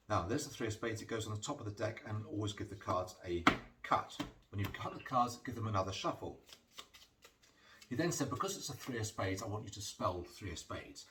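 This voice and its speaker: A man's voice: fairly low pitch, a bit bright, recorded from a distance, a little hiss or hum. A man, a magician talking through card tricks in a chatty storytelling way with dry, self-mocking asides. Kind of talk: patter while performing card tricks. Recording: voice from off the mic, music playing behind.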